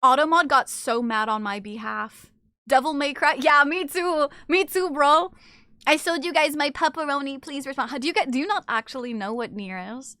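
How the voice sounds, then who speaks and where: Woman streamer, high voice, bright tone, animated casual chat, dry close sound. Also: normal speed, no echo. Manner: animated, swings between loud exclamations and low asides, swears casually. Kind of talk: casual chat reading out live chat while eating.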